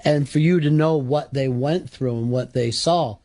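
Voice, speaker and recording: A man's voice: fairly high pitch, moderate pace, warm tone. A man hosting an interview, making agreeable, reflective comments to his guest. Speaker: interview host. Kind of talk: conversational interview.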